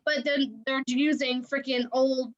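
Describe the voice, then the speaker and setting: High-pitched chatty woman on dull audio. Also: fairly even intonation, unhurried. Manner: chatty, retells scenes animatedly. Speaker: podcast co-host. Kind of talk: casual movie chat.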